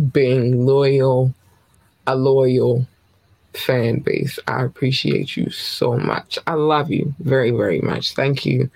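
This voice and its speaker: A man hosting a podcast, talking casually with chatty, affectionate, rambling shout-outs to his listeners. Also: medium pitch, gravelly, no room sound. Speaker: podcast host.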